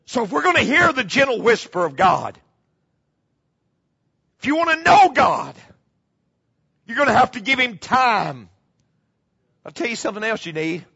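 Gravelly high-voiced preacher, lo-fi recording. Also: male voice, very animated, moderate pace, long pauses. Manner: dramatic preaching, repeats key phrases, drops to hushed tones. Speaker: pastor. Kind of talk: sermon. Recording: muffled, slightly lo-fi.

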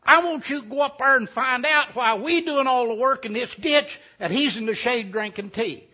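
A man doing a puzzled, high country brother. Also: moderate pace, pushed and bright, exaggerated voice. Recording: dull lo-fi recording.

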